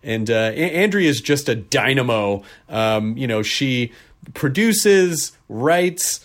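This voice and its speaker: A man's voice: medium pitch, animated, takes it slowly. A man hosting his own podcast, talking casually and jokingly between listener notes with plenty of filler words. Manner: chatty and jokey, frequent filler words, loose self-deprecating asides. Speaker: podcast host. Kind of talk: casual podcast monologue with listener mail and ad read.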